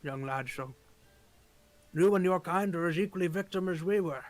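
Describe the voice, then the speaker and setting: A man voicing an old male leader of dragon hunters, earnest and weary, speaking in a halting, grave, formal way. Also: high-pitched, dry recording, close to an everyday voice, low-quality recording. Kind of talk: role-playing a tabletop game character.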